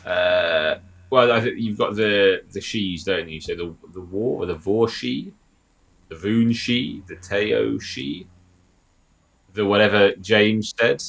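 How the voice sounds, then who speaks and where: A man co-hosting a podcast, telling stories in a playful, animated way. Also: lowish voice, takes it slowly, creaky. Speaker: podcast co-host. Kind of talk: casual chat.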